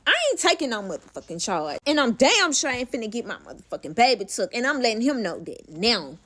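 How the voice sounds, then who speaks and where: A woman's voice: on the high side, very animated, fast, fairly bright tone. A young woman telling a personal story in a casual vlog, candid and profane, calling the listener "baby".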